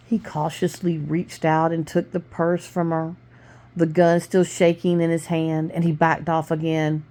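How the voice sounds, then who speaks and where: A woman reading a novel aloud to her family in plain, steady storytelling with small stumbles. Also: low-pitched, a little slow. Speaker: family reader.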